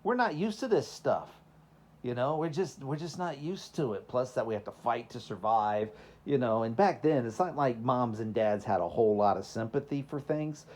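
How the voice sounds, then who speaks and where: A man with a Southern accent preaches in a relaxed, conversational sermon. He mixes stories from his own childhood with moral lessons and keeps throwing rhetorical questions at his listeners. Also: mid-range voice, moderate pace. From Texas. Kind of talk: informal sermon with personal stories.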